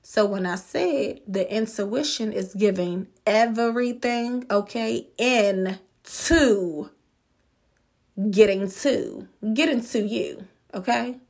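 A woman hosting a podcast, giving a blunt, profane motivational monologue with emphatic, drawn-out words. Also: fairly high pitch, a little mellow. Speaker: podcast host.

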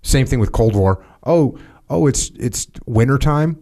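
A man's voice: medium pitch, animated, measured pace, mellow. A man hosting a podcast, talking casually and emphatically about sponsor products, repeating phrases for emphasis and joking. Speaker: podcast host. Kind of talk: casual chat with sponsor reads.

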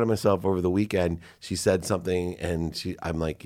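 A man's voice: sits low, steady tone, a little fast, darkish tone. A middle-aged man who is a guest on a podcast, telling personal stories in an earnest, confessional way and acting out his own quotes. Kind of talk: casual interview chat.

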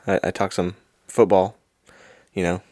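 A man's voice: sits low, level tone, unhurried, a little mellow, dry recording. A man co-hosting a casual podcast, easygoing and agreeable, chatting into a studio microphone. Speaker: podcast co-host.

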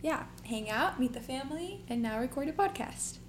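A woman's voice: high-pitched, lively intonation, moderate pace, a little hiss or hum. A young woman from Texas, a guest on a casual podcast, bubbly and giggly. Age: young adult.

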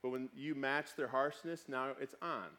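A male pastor in his thirties preaching a conversational sermon, swinging between sudden loud outbursts and quiet, hushed passages. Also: mid-range voice, steady tone, normal speed.

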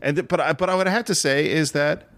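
A man's voice: fairly high pitch, fast, a bit bright, no echo. A man co-hosting a film podcast in casual chat, retelling scenes in detail. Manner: detailed storyteller who acts out quoted lines.

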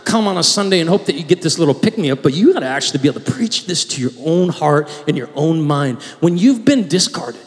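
A high-pitched male pastor preaching to his congregation, his voice ringing out with a long reverb tail. He drops to a near-whisper for intimate pleas, then rises into forceful, shouted proclamations. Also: animated, a little fast, hardly any pauses. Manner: swings from hushed pleading to shouted declarations. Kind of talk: sermon.

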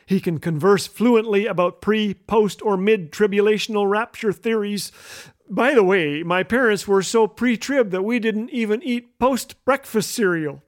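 Wry high-voiced man telling a story. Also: measured pace. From Canada. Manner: wry storytelling with deadpan jokes. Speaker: radio host. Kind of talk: scripted humorous radio commentary.

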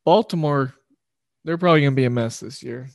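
A man hosts a sports betting show, rambling loosely through his picks and correcting himself along the way. His voice is medium-pitched, fairly quick and creaky, recorded in clean studio sound with no echo.

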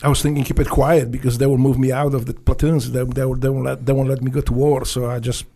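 Gravelly Polish-accented man telling war stories. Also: mid-range voice, little pitch movement, dark tone. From Poland. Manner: blunt, profane, halting with restarts and broken English. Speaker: guest, former Navy SEAL. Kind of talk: casual storytelling interview.

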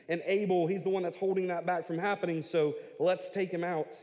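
A middle-aged man preaching as a pastor, telling the story with lively paraphrased voices. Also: sits high, fairly quick, few pauses, in a large hall. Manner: animated storytelling, voicing God and Cain in paraphrase. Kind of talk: sermon.

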